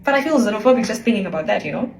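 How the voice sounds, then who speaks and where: A woman's voice: mid-range voice, lively intonation, racing, gravelly, reverberant, slight background noise, poor audio. A woman telling a story to camera in a casual vlog, retelling a conversation in an emphatic, incredulous way. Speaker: vlogger.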